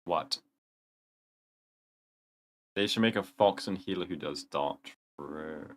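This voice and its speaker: A man's voice: deep voice, slow, slight background noise. A young man hosting a casual livestream, rambling through chat questions in gamer slang. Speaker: livestream host.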